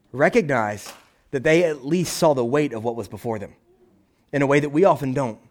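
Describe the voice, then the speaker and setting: A man preaching a sermon, animated and conversational, acting out little voices and asking "right?" again and again. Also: on the high side. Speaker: pastor.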